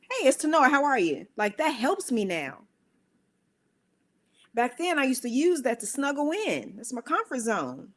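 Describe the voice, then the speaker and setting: A woman with a fairly high voice gives a spiritual motivational talk. She speaks in a conversational, emphatic way and fires off rhetorical questions. Now and then she slips into squeaky voices to act out her own thoughts. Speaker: speaker of a worship center.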